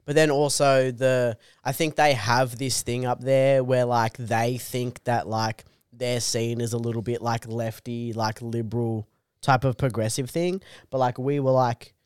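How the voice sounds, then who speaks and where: A man co-hosting a podcast, chatting in a laid-back, sweary way. His pitch is middling. The sound is close and dry, with no room around him. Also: level tone, a little slow, clear, resonant tone, dry recording. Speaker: podcast co-host. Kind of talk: casual chat.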